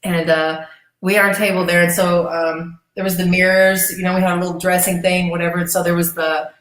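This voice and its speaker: Animated, profane woman telling stories. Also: fairly low pitch, brisk. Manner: animated, profane storyteller who acts out quoted voices. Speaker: interview guest. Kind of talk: casual storytelling interview. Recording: echoey room.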